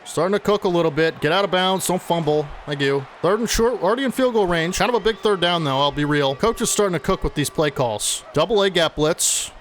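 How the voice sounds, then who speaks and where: A man commentating his own football video game play-by-play, excitable and chatty with his viewers. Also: sits high, brisk, hardly any pauses, slight background noise. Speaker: gaming channel host.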